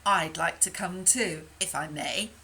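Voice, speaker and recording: A woman voicing a polite, genteel swan in a courteous, measured manner. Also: lowish voice, bright, forceful tone, slight background noise, voice pushed down.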